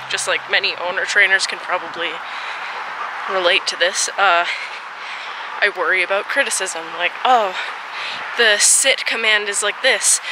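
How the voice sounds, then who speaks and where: A woman's voice: fairly low pitch, noisy background. A woman chatting casually in a vlog while walking her dogs outdoors at a dog park, a little out of breath, recording on a handheld camera. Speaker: vlogger.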